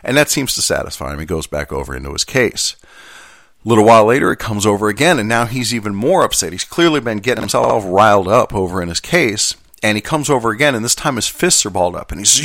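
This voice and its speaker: A man's voice: lowish voice, expressive, brisk, fairly bright tone, no echo, studio quality. A mail carrier, a man telling a story from his job in a casual, rambling, conversational way with self-deprecating asides.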